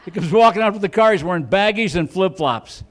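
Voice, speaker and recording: A comedian from Chicago performing a stand-up set on a club stage, acting out cops with loud siren noises and mock accents. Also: male voice, high-pitched, animated, fairly quick.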